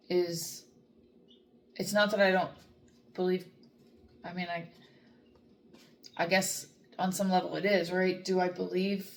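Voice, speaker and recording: A dog trainer with a voice on the low side talks earnestly to the camera about faith and self-talk, over slight background noise. Her reflections ramble, full of fillers and restarts.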